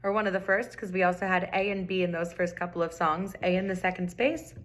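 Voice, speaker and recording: Patient woman music teacher, lowish voice. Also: steady tone, a little fast. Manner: patient, repeats key points, counts and chants rhythms. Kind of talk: recorder tutorial.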